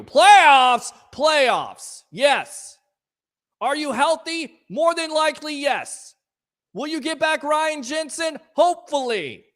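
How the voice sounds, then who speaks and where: A man hosting a live call-in sports talk show, ranting in a fired-up, sarcastic way and shouting at times. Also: very high-pitched. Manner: sarcastic, scolding critics.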